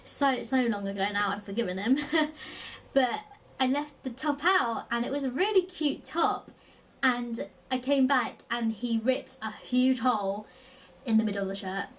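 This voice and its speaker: A woman's voice: a little high, measured pace, distant mic, low-quality recording. A young woman from London with a South East London accent, chatting casually as a vlogger, filling her talk with "like" and laughing often. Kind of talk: casual chat.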